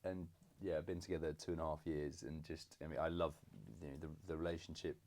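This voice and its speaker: Young man, extremely deep voice, halting casual talk, many fillers. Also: level tone. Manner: hesitant, many fillers and restarts, warm teasing. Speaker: podcast co-host, son. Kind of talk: casual conversation.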